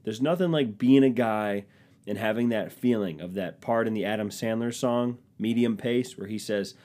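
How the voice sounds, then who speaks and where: Low-voiced, rambling, self-mocking podcast man. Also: moderate pace, mellow. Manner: rambling, self-deprecating, profane. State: stuffed, runny nose. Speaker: podcast host. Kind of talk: comedic solo podcast monologue.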